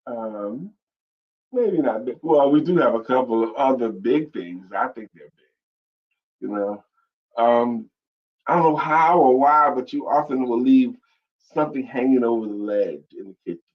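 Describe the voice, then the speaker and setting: A man with a husky, slightly rough voice that swings up and down a lot as he teases and tells stories. He co-hosts a casual chat. The sound is dull and lo-fi, like stream audio. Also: medium pitch, expressive, moderate pace. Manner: playful, teasing storyteller. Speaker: co-host.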